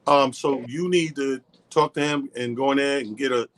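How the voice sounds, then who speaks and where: A man's voice: medium pitch, fairly even intonation, normal speed. A man, a comic co-hosting a radio show, chatting loosely and swearing casually. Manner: loose, profane, conversational.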